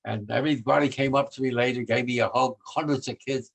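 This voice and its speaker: A man's voice: medium pitch, steady tone, fast talker, vocal fry, rough recording. A man in his nineties, a war veteran being interviewed, who talks in a rambling, emphatic way with many restarts and grows emotional. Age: 90s. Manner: gets emotional about his subject. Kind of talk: conversational interview.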